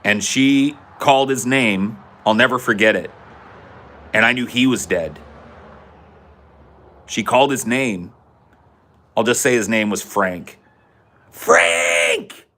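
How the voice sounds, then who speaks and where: A man hosting a podcast, telling a funny story in an animated, profane way. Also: on the low side, measured pace, pauses often. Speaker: podcast host. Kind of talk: comedic storytelling.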